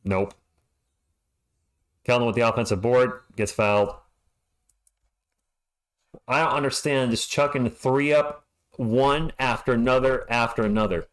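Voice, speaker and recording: A frustrated man calls the game for his fan stream, swinging between flat stat-reading and sharp exasperated outbursts. His voice sits mid-range for a man, and he trips over his words when worked up. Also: mid-range voice, unhurried, pauses often. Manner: exasperated, ranting, stammers when upset. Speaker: fan livestream host giving play-by-play. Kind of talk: fan play-by-play commentary.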